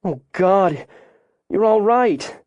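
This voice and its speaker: A man's voice: on the high side, very animated, measured pace, darkish tone, breathy edge, no echo, dull audio, voice pushed up, full character voice. A man voicing a farm mother, breathless and emotional with relief, in an audiobook reading. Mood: relieved.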